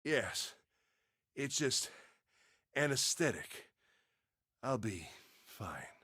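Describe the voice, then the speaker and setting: A tired older man in a game speaks weakly, his words slightly slurred as he fades. The voice is deep and husky and drags slowly, put on by a woman. It is dry and close, with no room sound. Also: big pitch swings, fairly bright tone, dry recording, exaggerated voice. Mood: drowsy calm. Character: weary older man, calm, drugged and fading.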